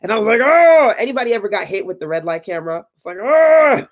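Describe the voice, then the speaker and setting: A woman's voice: fairly low pitch, racing, highs cut off. A woman hosting a livestream, giving chatty motivational talk to entrepreneurs, laughing and asking her audience questions. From North Carolina. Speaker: host of a business livestream.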